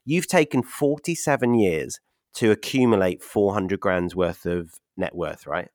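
A man hosts a podcast with a lowish voice, upbeat and quick to laugh. He works through numbers step by step in a casual, encouraging way. The sound is dry and close. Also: darkish tone, no room sound. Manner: upbeat, laughs often, explains figures step by step. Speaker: podcast host and property investment mentor.

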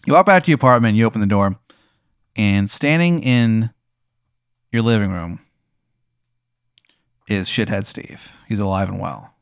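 Man, game master, casual deadpan narration, smooth clear voice, dry close sound. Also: lowish voice, unhurried, pauses often, no room sound. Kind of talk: improvised tabletop game narration.

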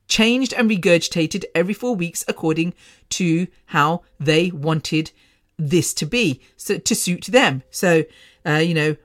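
A middle-aged woman hosting her own podcast, talking in a candid, rambling way with many restarts and sighs. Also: on the low side. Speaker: podcast host. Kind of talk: casual solo podcast monologue.

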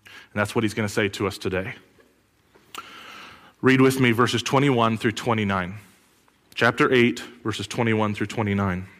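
A man preaching a sermon as pastor, animated and full of rhetorical questions, with sudden loud bursts. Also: on the low side, normal speed, long pauses. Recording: long hall reverb.

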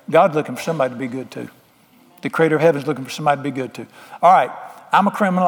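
A man's voice: a little high, long reverb tail. A man preaching a sermon, folksy, plain-spoken and emphatic with homespun sayings. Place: church sanctuary.

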